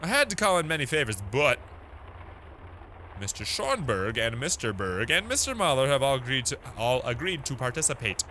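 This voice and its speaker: A man's voice: mid-range voice, sing-song, moderate pace, bright, forceful tone, slight background noise. A man reading out a letter as an eager male professor in a video game, in a grand, theatrical way.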